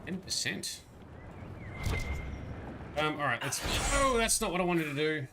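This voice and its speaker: A man's voice: fairly high pitch, sing-song, a little fast, noisy background. A man giving casual gaming-stream commentary, chatting to viewers, swearing and laughing often. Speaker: livestreamer.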